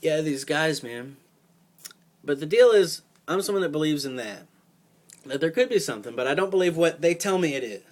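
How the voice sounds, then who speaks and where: High-voiced man ranting casually. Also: lively intonation, moderate pace. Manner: profane, heated, rambling with many fillers. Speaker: vlogger.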